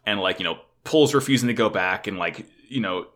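Animated, lively-pitched man in casual chat. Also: fairly quick. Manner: animated, swears often, heavy use of "like". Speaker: podcast co-host. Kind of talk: casual anime recap chat.

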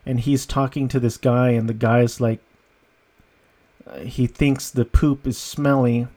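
A man's voice: mid-range voice, steady tone, measured pace, darkish tone. A man giving a casual, rambling movie review, amused and often breaking into laughter. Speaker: film reviewer.

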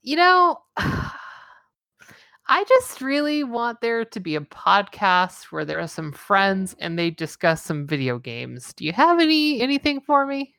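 Brief: giggly woman co-host, lively pitch, dry close sound. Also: unhurried, no room sound. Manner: giggly, playful. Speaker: podcast co-host. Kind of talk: comedic podcast banter.

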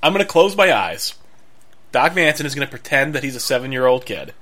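A man co-hosts a podcast in a playful, mock-grandiose manner, as if making grand announcements. His voice is bright and forward, with a middle pitch. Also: very animated, brisk. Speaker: podcast co-host. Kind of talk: casual chat.

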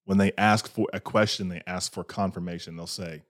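A man's voice: sits low, fairly even intonation, normal speed, few pauses. A man chatting casually and telling stories, often laughing and repeating his words. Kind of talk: casual chat.

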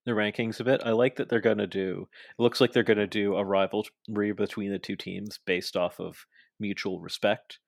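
A young man casually recapping a wrestling show in a chatty, animated way. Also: lowish voice, normal speed, creaky, dry recording, clean studio sound. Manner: chatty, animated, acts out quoted lines. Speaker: podcast co-host.

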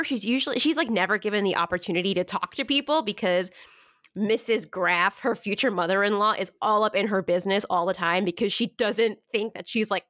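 A woman's voice: mid-range voice, fairly bright tone, no room sound, clean studio sound. A woman co-hosting a podcast, chatting casually and giggling often as she talks through a story. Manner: giggly, chatty, frequent laughter. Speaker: podcast co-host. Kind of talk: casual chat about a story.

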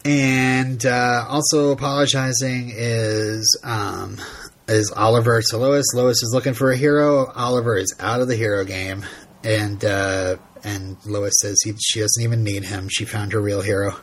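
Husky-voiced man rambling in casual chat. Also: lowish voice, fairly even intonation, a little slow. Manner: rambling, many fillers, laughs often. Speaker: podcast host. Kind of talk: casual episode recap chat.

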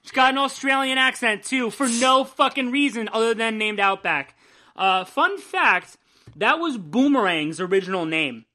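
A man's voice: very high-pitched, animated, moderate pace, sharp tone. A young man co-hosting a casual comics news podcast, rambling and joking with a lot of swearing. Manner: rambling, profane, jokey. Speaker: podcast co-host.

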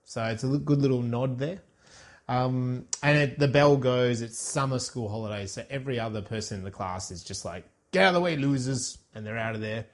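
A man's voice: medium pitch, steady tone, brisk. A man co-hosting a casual podcast, recapping film scenes in a rambling, self-correcting way. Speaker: podcast co-host reviewing a film. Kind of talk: casual chat.

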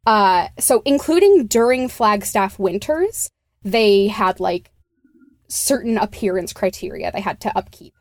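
A woman's voice: medium pitch, lively intonation, measured pace, darkish tone, no echo. A woman from Arizona co-hosting a casual podcast chat, rambling with many fillers and restarts. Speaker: podcast co-host.

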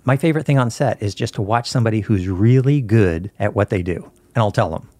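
A man's voice: on the low side, brisk, mellow, dry recording. A man in a casual interview, telling film-set stories in an easygoing way and acting out the dialogue. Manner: storytelling, easygoing, acts out dialogue. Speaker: film camera crew guest.

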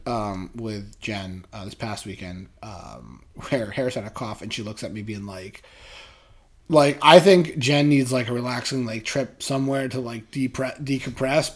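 A man hosting a podcast in casual chat, teasing his partner and telling stories with acted-out quotes. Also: mid-range voice. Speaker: podcast host.

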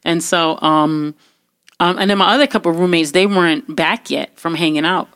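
A young woman telling a personal story in casual talk, animated and full of fillers and restarts. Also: on the low side, normal speed, no room sound, clean studio sound. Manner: animated, acts out quotes, many fillers and restarts.

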